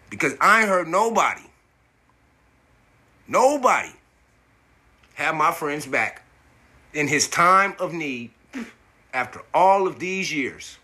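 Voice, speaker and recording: Indignant man ranting in a slow drawl. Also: fairly high pitch, big pitch swings, bright, forceful tone, husky. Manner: indignant, profane, repeats words when worked up. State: coughing from smoking. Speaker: podcast host. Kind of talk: angry monologue.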